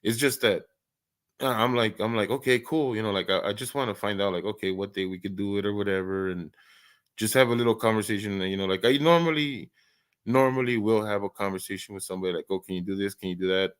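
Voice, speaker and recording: A man's voice: lowish voice, steady tone, fast talker, clear, resonant tone. A man hosting an early-morning live stream, chatting casually, rambling and stammering through many restarts and laughing often.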